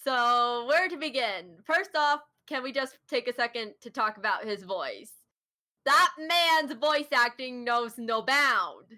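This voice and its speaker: A woman's voice: a little high, animated, slow pace, bright, forceful tone. A woman hosting a casual chat, talking about a creator she admires with eager, giggly enthusiasm. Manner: enthusiastic, giggly fan talk. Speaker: host.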